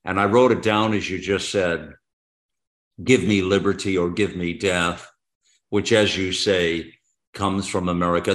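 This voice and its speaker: A man with a very low voice hosts a talk radio show. He speaks with fervent, patriotic passion, circling back and restarting his sentences as he goes. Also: fairly bright tone. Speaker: radio host.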